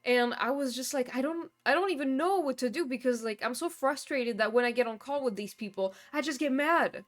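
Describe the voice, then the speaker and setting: A woman's voice: high-pitched, a little fast. Young woman venting in swear-laced rambles. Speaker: streamer. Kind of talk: casual chat. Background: faint background music.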